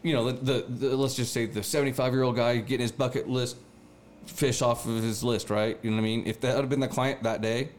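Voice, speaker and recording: A young man telling a fishing story in casual chat, animated and slangy, acting out the voices of the people in it. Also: medium pitch, fairly quick, slight background noise. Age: young adult.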